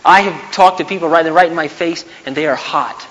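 A man giving a sermon in a conversational, storytelling manner, with sudden loud bursts. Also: on the high side, brisk. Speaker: preacher. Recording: hall reverb, faint background noise.

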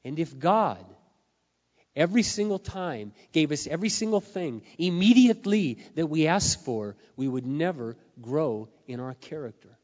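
A middle-aged man preaches in a slightly high voice that is going hoarse. He talks earnestly, dropping to quiet confessions, then building to loud, emphatic peaks. The sound is muffled, with a long reverb from a large hall. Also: very animated, moderate pace. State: losing his voice. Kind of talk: sermon.

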